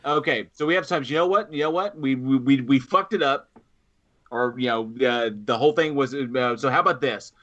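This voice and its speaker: A man's voice: medium pitch, fairly quick, a bit bright, dull audio. A man hosting a horror podcast livestream, loose and profane, running a trivia giveaway from his home office. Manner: swearing, scattered and laughing. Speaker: podcast host. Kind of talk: livestream chat.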